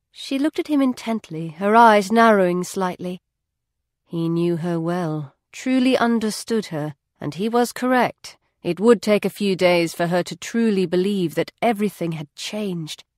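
A woman reading a novel aloud as an audiobook narrator, in an even, measured storytelling voice. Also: on the low side, no room sound. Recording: dry studio.

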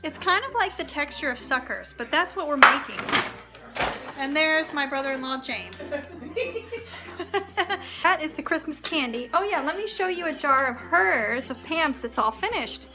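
A woman's voice: high-pitched, expressive, normal speed. A woman chatting cheerfully to the camera in a casual home vlog, showing what she is doing around the house. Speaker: vlogger. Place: family home, indoors. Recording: home video with music over it.

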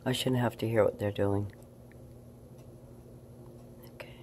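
A woman filming a casual night-time video diary in her apartment, swinging between low murmurs and cooing talk to her cat. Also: steady tone, measured pace, darkish tone, slight background noise. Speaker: vlogger.

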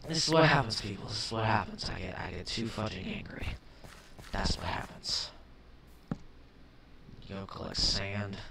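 A young man giving let's play commentary, chatting calmly and then flaring into shouted rage at the game, often swapping swears for milder words. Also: on the low side, moderate pace, gravelly, pauses often. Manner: swaps swears for mild substitutes. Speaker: gaming commentator. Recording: distant mic with faint hiss.

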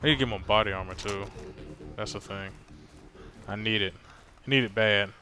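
A man's voice: on the low side, moderate pace, pushed and bright, a little hiss or hum. A man casually commenting while playing a video game, profane and laid-back, muttering to himself. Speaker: gamer. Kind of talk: let's play commentary. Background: game music.

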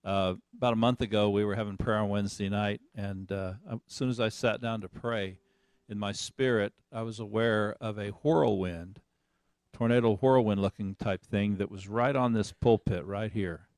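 Male pastor, low voice, earnest testimony, dry close sound. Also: steady tone, moderate pace, darkish tone, clear, resonant tone, dry recording. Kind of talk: testimony to the congregation.

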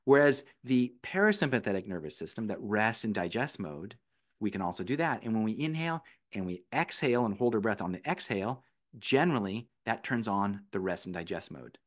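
A man's voice: fairly low pitch, animated, fairly quick. A man who teaches meditation and breathing, a podcast guest patiently explaining his methods step by step in conversation. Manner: patient, explanatory, walks through steps one by one.

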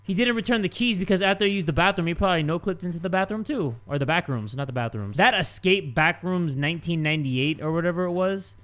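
A man's voice: sits high, expressive, quick pace, hardly any pauses, fairly bright tone. A man hosting a gaming video, giving casual commentary with sudden yelps, swearing and jokey asides.

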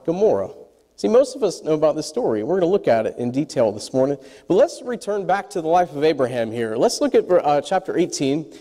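Man preaching, high lively voice, mellow tone, long hall reverb. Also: a little fast. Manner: animated, asks the congregation questions. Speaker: pastor. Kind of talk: sermon.

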